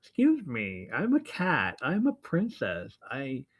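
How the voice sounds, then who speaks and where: A man's voice: mid-range voice, huge pitch swings, takes it slowly, no echo, dull audio, exaggerated voice. A man voicing a sassy, vain female cat who acts like a princess, indignant and demanding.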